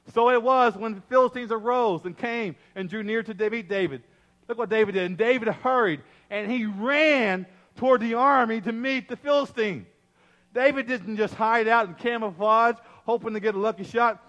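A pastor preaching a sermon, telling the story in an emphatic, dramatic way with lots of repetition. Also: male voice, high-pitched, fairly bright tone, highs cut off. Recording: echoey hall.

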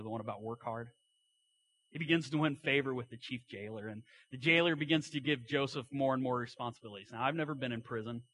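A man's voice: medium pitch, a bit bright, no room sound. A man preaching a sermon, retelling a story in a folksy way with asides and acted-out quotes.

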